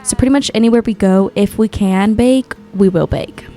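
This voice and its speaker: A woman's voice: mid-range voice, normal speed, dark tone, faint music behind. A woman giving chatty, gushing commentary while playing a life-sim game, often exclaiming over what she sees. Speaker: gaming YouTuber. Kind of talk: casual gameplay commentary.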